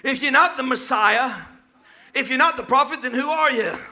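A man preaching a sermon in call-and-response style, often shouting and chanting his lines. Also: very high-pitched, moderate pace.

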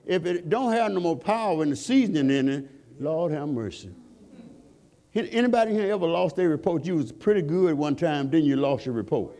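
A man's voice: a little high, expressive, fairly quick, mellow. A man preaching a sermon in call-and-response style, asking the congregation questions and climbing to fervent peaks.

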